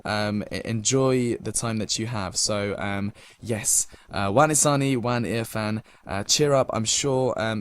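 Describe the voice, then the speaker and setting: A man's voice: lowish voice, measured pace, few pauses, smooth. A young British man as a radio DJ, reading listener messages in a polite, casual way with many fillers. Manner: polite, filler-heavy, many thank-yous.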